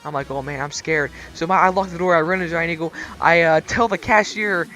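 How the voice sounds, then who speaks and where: A teenage boy vlogging, telling a story to camera in an animated way that gets louder and higher as it builds. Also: fairly quick.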